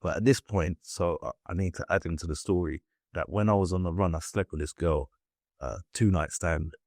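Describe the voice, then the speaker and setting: A young Englishman with a low, slightly mellow voice talks briskly, recorded in studio quality with no room sound. In a casual interview he bluntly tells his life story, swearing, acting out what people said, and using many fillers.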